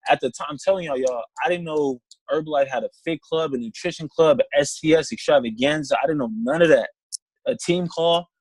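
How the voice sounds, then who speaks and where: A young man on a video call, telling his story in a casual, animated way and acting out both sides of phone calls. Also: on the high side, brisk, breathy edge, no room sound, poor audio. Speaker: distributor sharing his story on a team call.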